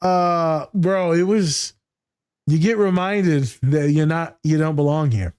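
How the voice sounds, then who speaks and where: A man who hosts a podcast and works as a therapist, ranting in animated, profane casual chat. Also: fairly high pitch, takes it slowly, smooth, no echo, clean studio sound.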